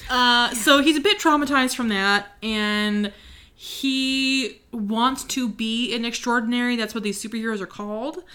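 A young woman talks about a book she loves in a loose, gushing way. Her voice sits high and sounds bright and sharp. She laughs a lot and slips into little put-on character voices. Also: unhurried. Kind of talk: casual book chat.

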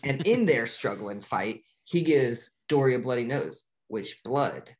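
A man's voice: mid-range voice, lively intonation, measured pace. A man retelling a film plot in casual chat, talking loosely with many fillers and restarts and laughing often. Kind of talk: casual movie recap chat.

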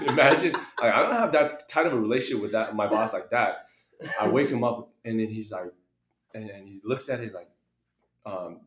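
A man's voice: fairly low pitch, moderate pace. A young man on a podcast, telling a story in casual chat, acting out voices and laughing along the way. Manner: animated storyteller, acts out voices, laughs often. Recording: echoey room.

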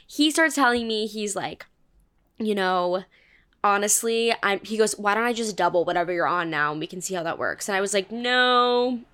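A woman's voice: mid-range voice, brisk, clean tone. A young woman in her twenties, co-hosting a podcast and telling a candid, profane story in casual chat, acting out the people in it as she goes. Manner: candid, swearing, animated quoting of others. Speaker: podcast co-host.

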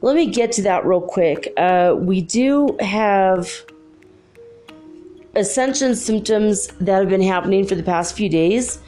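Woman, casual vlog talk, rambling, many fillers, medium pitch, soft music behind. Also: slow pace. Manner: rambling storyteller, heavy "like" fillers. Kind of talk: casual spiritual vlog monologue.

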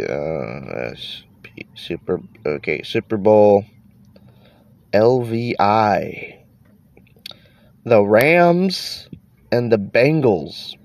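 Low and darkish, this podcast host's voice comes through a dry, muffled recording. He's stuffed up from allergies, so he sounds congested and nasal, and he wearily rambles, swearing as his sentences fade.

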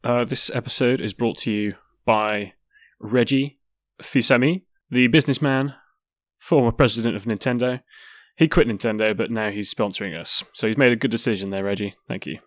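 A man co-hosting a casual gaming podcast, relaxed and joking. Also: medium pitch, normal speed, no room sound, studio quality. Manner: relaxed, joking, unsure on names. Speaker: podcast co-host. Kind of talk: casual chat.

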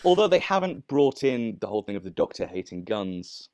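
A man's voice: lowish voice, big pitch swings, fairly quick, darkish tone, smooth, dry recording. Dry-humoured man on a close, dry mic. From Greater Manchester. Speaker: podcast co-host. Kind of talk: casual chat.

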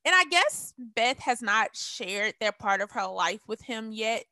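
A woman casually recapping a TV episode, animated and acting out the characters' lines as she tells it. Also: a little high, unhurried, dry recording. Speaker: TV recap podcast co-host.

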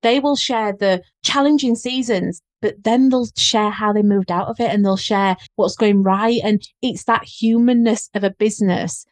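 A woman's voice: medium pitch, normal speed, few pauses, dry recording. Encouraging Yorkshire woman, dry mic. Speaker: guest, business coach. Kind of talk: casual podcast chat.

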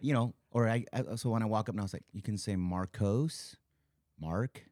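A man who is a guest musician on a podcast, telling stories in a relaxed, easygoing way. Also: fairly low pitch, moderate pace, dry recording, studio quality. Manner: relaxed storytelling, calls people bro. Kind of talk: casual podcast chat.

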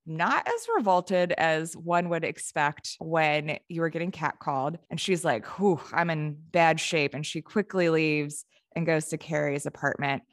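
Woman podcast co-host, low-pitched, casual recap delivery, lots of "like", dry close sound. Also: no echo. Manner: chatty, heavy use of "like".

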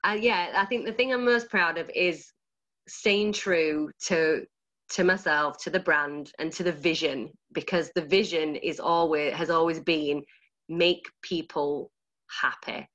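Lower-voiced Yorkshire woman, dance studio owner; gushing, animated interviewee who laughs easily. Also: unhurried, dull audio. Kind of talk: enthusiastic interview answers.

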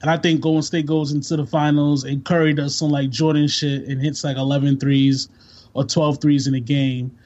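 A man's voice: a little high, flat delivery, moderate pace, a little mellow. A man chatting casually about sports on a podcast, laid-back and slangy, rambling from one thought to the next. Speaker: podcast co-host. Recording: dull lo-fi sound.

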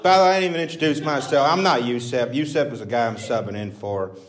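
A man's voice: mid-range voice, fast talker, lightly acted. A male comedian voicing a crude, rambling Texas redneck character on stage. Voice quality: crude, drawling, self-mocking patter. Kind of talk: stand-up character bit.

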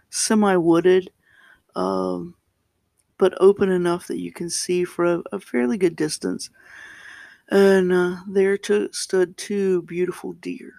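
Male pastor, higher register, gravelly texture, unhurried and deliberate scripture reading. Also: a little mellow, dry recording. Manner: slow, deliberate reading with pauses and restarts. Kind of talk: scripture reading and reflective sermon.

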